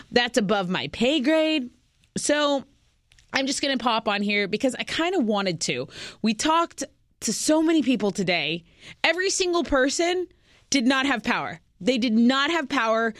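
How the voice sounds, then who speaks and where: A woman with a Texan accent speaks in a fairly high voice, venting frankly and emotionally in a casual monologue. She swears freely and stumbles over repeated words. The sound is dry and close. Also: dry recording. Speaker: radio host.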